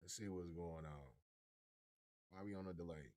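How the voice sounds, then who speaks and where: A man's voice: low voice, moderate pace, dark tone. A man hosting a live sports commentary stream, talking in a slangy, taunting way and repeating his lines in a sing-song chant. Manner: slangy, casual. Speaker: streamer host.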